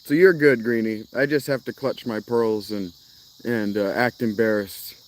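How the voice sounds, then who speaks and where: This is a lowish male voice at normal speed, with a faint hiss or hum on the recording. Out in the countryside among crickets, he chats to his stream viewers in a rambling way, restarting sentences and often laughing.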